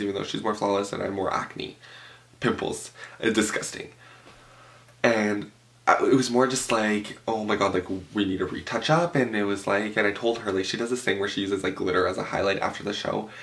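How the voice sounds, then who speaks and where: A young man from Canada telling a storytime vlog in a casual, animated way, full of swearing and fillers, acting out the voices of the people in the story. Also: on the low side, normal speed, vocal fry. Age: young adult. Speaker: vlogger. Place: room at home, tablecloth backdrop.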